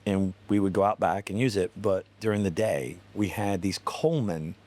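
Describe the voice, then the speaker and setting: A low-voiced man with a Southern US accent hosting a relaxed podcast. He is chatty and easygoing, trading stories and asking follow-up questions. His pace stays unhurried and conversational. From North Carolina, US. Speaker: podcast host. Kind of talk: casual interview.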